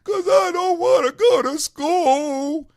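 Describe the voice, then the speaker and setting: A little boy wails in a strained, very high voice, dragging out each word through tears. A man acts him out. The sound is close and dry, with no room around it. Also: expressive, no echo, heavily acted. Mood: crying whine. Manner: sobbing, drawn-out whine. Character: whining six-year-old boy, crying about school.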